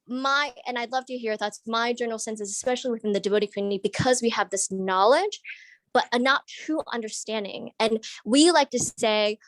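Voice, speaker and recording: Fairly quick and on the high side, this audience member's voice comes through a rough, echo-free recording. During an online group discussion she asks a long, earnest question, restarting and thinking aloud as she looks for words.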